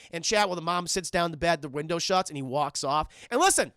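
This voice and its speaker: Excitable, profane male streamer. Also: on the high side, fast, few pauses, dry recording. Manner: excitable, profane, keeps addressing chat. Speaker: streamer reviewing a cartoon. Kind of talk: live-streamed episode recap.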